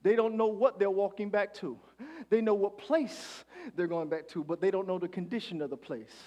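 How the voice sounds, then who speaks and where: A man preaching a sermon as pastor, calling on the congregation to answer back and swinging from hushed lines to shouts. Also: high voice, fairly even intonation, moderate pace.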